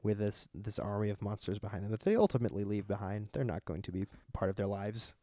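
A man's voice: lowish voice, fast talker, dark tone, no echo, clean studio sound. A man with a Southern US accent co-hosting a podcast in casual chat, rambling with fillers and laughs. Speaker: podcast co-host.

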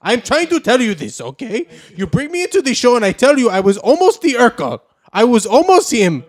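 A man's voice: on the high side, big pitch swings, moderate pace, darkish tone, dry recording, clean studio sound. A man voicing an overemotional foreign actor who is melodramatic and tearful. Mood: anguished. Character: overemotional foreign male actor with a vague accent. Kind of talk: improvised comedy podcast bit.

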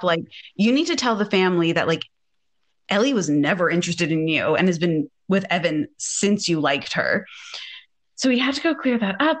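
Animated woman telling a story. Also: mid-range voice, moderate pace. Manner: animated, acts out quoted dialogue. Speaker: podcast host. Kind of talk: casual storytelling.

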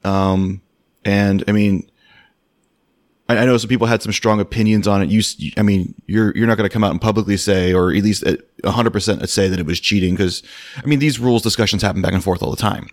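A man hosting a podcast in casual chat, measured, circling his point with many fillers and restarts. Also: fairly low pitch, fairly even intonation. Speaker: podcast host.

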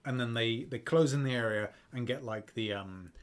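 Male podcast co-host, casual rambling chat, average pitch. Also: moderate pace. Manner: rambling, lots of fillers and restarts.

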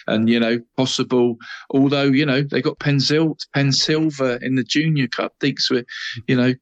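A talkative man co-hosts a casual football show, rambling and tacking "mate" onto almost every phrase. His voice is mid-pitched. It sounds dry and close to the mic. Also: steady tone, moderate pace, no room sound, lo-fi sound. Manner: chatty, says "mate" constantly, rambling. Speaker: podcast co-host.

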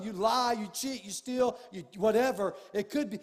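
High-voiced preacher in a reverberant hall. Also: male voice, moderate pace. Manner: storytelling preacher, rising to emphatic shouts. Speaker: pastor. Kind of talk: sermon. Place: church sanctuary. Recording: long reverb of a church hall.

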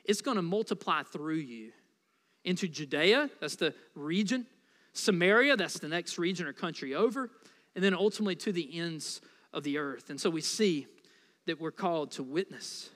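This American pastor preaches a sermon in a slightly high, fairly bright voice with lively intonation and a moderate pace. His style is conversational and playful, full of asides to the congregation, and the sound has a big-room quality.

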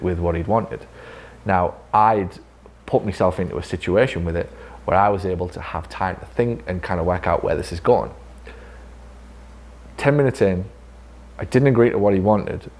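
Low-pitched and a little mellow, a man trains staff in a physiotherapy clinic room during an informal talk. He's blunt, curses freely and acts out dialogue.

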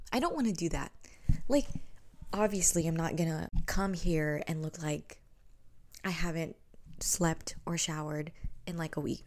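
A woman's voice: on the low side, darkish tone. A young woman from the Philippines who speaks English with an American accent and a slight Filipino tinge, hosting a casual chat podcast from home at night, rambling and sometimes dropping into whispers. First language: Tagalog. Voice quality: chatty, rambling, drops into whispers. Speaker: podcast host.

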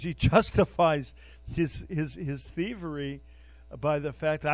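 An older man with a slightly high voice delivers an informal sermon at a slow pace, speaking conversationally and repeating words as he searches for them. He weaves a prayer into it, and the recording is dry.

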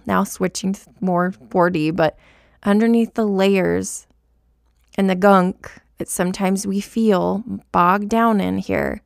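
A woman hosting a podcast, giving a soft, reassuring spiritual pep talk and lingering on her words. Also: medium pitch, creaky, no room sound, clean studio sound. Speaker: podcast host.

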